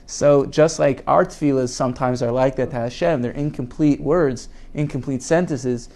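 A man's voice: mid-range voice, steady tone, moderate pace, a little mellow. A man teaching a Torah class in an earnest way, repeating words for emphasis and reading Hebrew quotes aloud before translating them.

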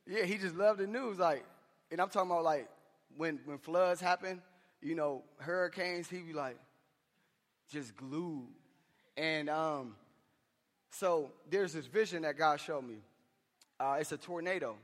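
A man's voice: a little high, measured pace, pauses often, big-room sound. A man preaching a sermon to men in a church, impassioned and conversational, with slangy asides. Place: church hall.

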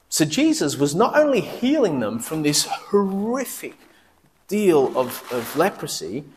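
A man preaching a sermon in a lively, conversational way, asking the congregation questions as he goes. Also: fairly high pitch, a little hiss or hum. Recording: long reverb of a large hall.

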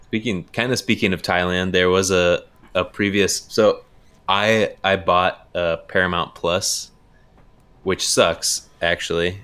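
A man chatting on a podcast in a halting, laid-back way. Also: low-pitched, steady tone, fairly bright tone, smooth. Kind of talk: casual podcast chat.

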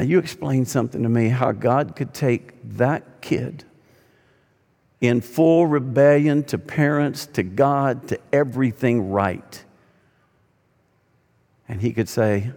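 A male pastor delivers a sermon, swinging between emphatic lines and quiet, drawn-out phrases. His voice sits at an ordinary middle pitch. It rings out with a long reverb from a church sanctuary. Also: creaky. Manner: dynamic preaching, swinging from loud to hushed.

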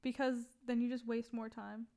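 A woman's voice: a little high, level tone, normal speed, warm tone. A young woman in casual chat, blunt and opinionated, swearing casually.

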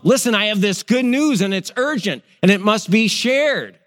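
A middle-aged pastor preaching with a fairly high voice. He is animated and acts out people's reactions as he goes. His voice rings with a long hall reverb. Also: moderate pace. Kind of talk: sermon.

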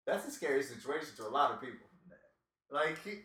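A man with a very bright, forceful voice chats loosely with his friends, swearing and packing "like" into nearly every phrase. He sounds set back from the mic in an echoey room, and a faint noise runs underneath him. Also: mid-range voice, expressive, brisk, far from the mic. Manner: loose, profane, fills with "like". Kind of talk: casual chat while gaming. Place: room with friends playing a video game.

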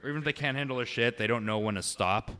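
A young man with a smooth, resonant voice rants in casual conversation with a friend. He swears constantly and gets animated and loud as he vents his frustrations. His tone is heated and exasperated throughout. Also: medium pitch, racing. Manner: profane, ranting, animated. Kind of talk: casual chat.

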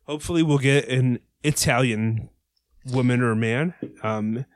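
A man's voice: medium pitch, a little slow. A man co-hosting a podcast in casual chat, joking and loose. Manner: joking, loose, full of fillers. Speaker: podcast co-host.

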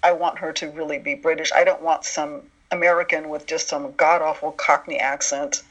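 A man being interviewed about writing an animated series, who tells stories in a relaxed, chatty way and acts out the voices of people he quotes. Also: on the high side, moderate pace. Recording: dull lo-fi sound.

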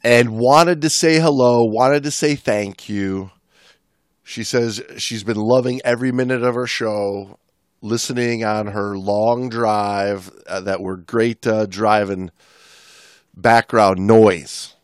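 A man's voice: lowish voice, fairly even intonation, takes it slowly, no room sound, clean studio sound. A man with an American Midwestern accent hosting a casual podcast chat, reading listener mail and joking along. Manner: chatty, reads listener mail aloud, laughs at own jokes. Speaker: podcast host.

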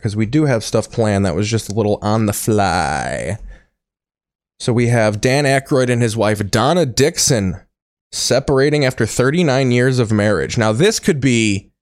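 A man's voice: on the low side, dry recording, studio quality. Sarcastic, foul-mouthed male host. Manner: profane, sarcastic riffing. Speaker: comedy podcast host. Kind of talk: crude comedic commentary.

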